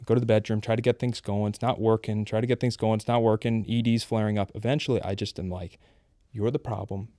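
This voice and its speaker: A man's voice: lowish voice, level tone, fast, hardly any pauses, dark tone, dry recording, clean studio sound. A man in his thirties, a podcast guest, telling his personal story in an earnest, confessional way. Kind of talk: candid personal testimony.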